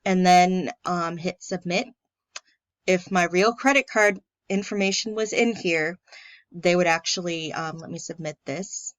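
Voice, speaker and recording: A woman's voice: on the low side, a little slow, no echo. Lady friendly woman walking through steps. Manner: friendly, plain step-by-step walkthrough with filler ums. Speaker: church staff member. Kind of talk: casual screen-recorded tutorial.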